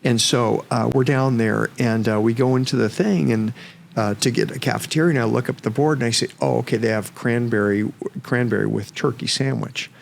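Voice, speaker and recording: A man in his fifties, a podcast guest, telling a story in a frank, animated way and swearing freely. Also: mid-range voice, fairly quick, gravelly, a little hiss or hum. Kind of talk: casual storytelling.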